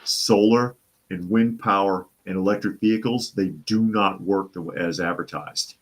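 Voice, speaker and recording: A man from the Boston area with a low, deep voice hosts a casual live talk show. He reads out viewer comments and answers them in a loose, conversational way. He often restarts sentences and repeats his own phrases. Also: measured pace.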